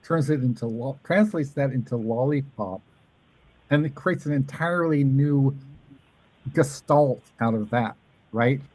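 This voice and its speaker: On a rough, dry recording, a podcast host from Southern California rambles through a long story in casual chat, animatedly putting on the voices of the people he quotes. His pitch is medium, his delivery a little slow and a little mellow.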